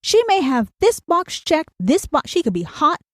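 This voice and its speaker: A woman's voice: high-pitched, very animated, normal speed, a bit bright, no echo, clean studio sound. A woman hosting a solo podcast, talking bluntly and profanely and pressing her points with repeated rhetorical questions. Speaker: podcast host.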